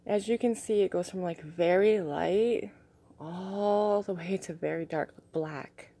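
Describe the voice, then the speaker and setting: A young woman vlogging in an excited, gushing way, a little out of breath, sometimes dropping to soft asides. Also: lowish voice, slow. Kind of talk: casual unboxing chat.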